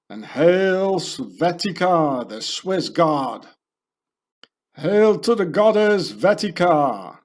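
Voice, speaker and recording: Brief: man putting on a pompous worshipper chanting hails, slow and loud. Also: on the high side, exaggerated voice. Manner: slow, drawn-out, mocking chant.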